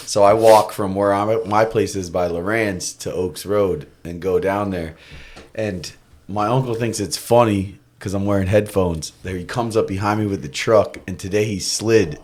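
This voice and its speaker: Young man from Florida, lower voice, podcast guest telling stories with lots of laughs. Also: normal speed. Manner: laughing, animated anecdotes with acted-out quotes. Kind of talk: casual storytelling.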